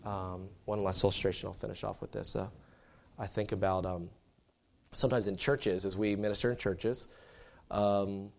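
A man's voice: fairly low pitch, flat delivery, moderate pace, gravelly, a little mellow. Chatty storytelling male preacher. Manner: conversational, storytelling, many fillers and restarts. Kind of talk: sermon.

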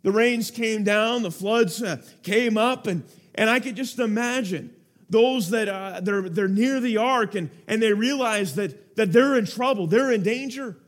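A man's voice: high voice, unhurried. A man preaching a sermon, telling a story with earnest feeling and building to urgent appeals to his listeners.

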